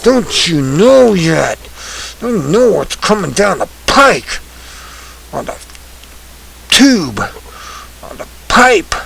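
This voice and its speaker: A man's voice: high voice, very animated, takes it slowly, gravelly, long pauses, a little hiss or hum, poor audio. Agitated ranting male commentator. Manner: agitated, swings from muttering to shouting; reads headlines then rants angrily. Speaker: online news commentator.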